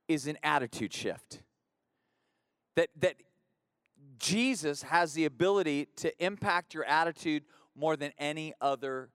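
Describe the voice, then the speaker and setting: A pastor preaching a conversational sermon in church, repeating phrases and building rhythmic refrains. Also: male voice, on the high side, clear, resonant tone, dry recording, clean studio sound.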